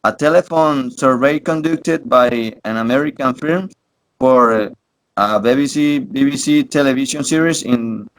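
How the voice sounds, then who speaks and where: A man's voice: medium pitch, a little slow, low-quality recording. A young man moderating a class debate in English, hesitant and repeating words. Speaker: student moderator.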